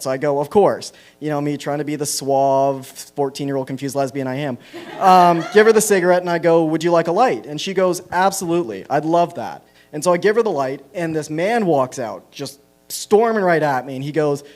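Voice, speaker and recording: A man's voice: on the high side, expressive, moderate pace. A man with a Canadian accent doing a self-deprecating stand-up set at an open mic, rambling through stories with plenty of fillers. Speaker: stand-up comedian. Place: small comedy venue on stage.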